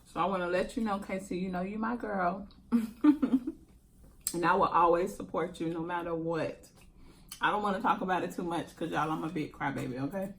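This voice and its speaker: A woman's voice: fairly low pitch, brisk, a bit bright. A woman hosting a mukbang, chatting casually and laughing while she eats. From Jacksonville, Florida. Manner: chatty, laughs often, talks while eating. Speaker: mukbang channel host. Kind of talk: casual eating chat to camera.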